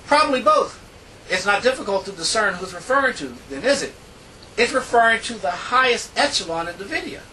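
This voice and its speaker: A man preaching a sermon, reading scripture in an emphatic, drawn-out way with big rises and falls in pitch. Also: animated, sharp tone, recorded from a distance, slight background noise, rough recording.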